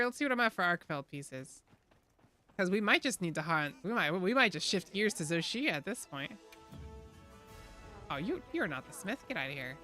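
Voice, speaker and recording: A woman streaming a game, chatting casually and excitably with rambling asides to her viewers. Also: lowish voice. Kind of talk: casual live-stream chat while gaming.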